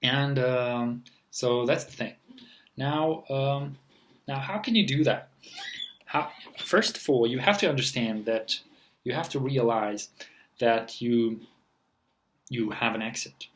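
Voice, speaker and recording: A man's voice: medium pitch, takes it slowly, pauses often, rough recording. A man teaching in a casual, rambling lesson, with many fillers and restarts. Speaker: language teacher.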